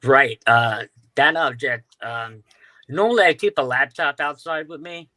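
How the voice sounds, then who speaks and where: A man's voice: mid-range voice, measured pace, pushed and bright. A man from Staten Island with a New York accent, telling stories as an interview guest, with plenty of fillers and restarts. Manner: storytelling, many fillers and restarts. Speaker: guest, UFO sky watcher. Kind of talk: casual interview chat.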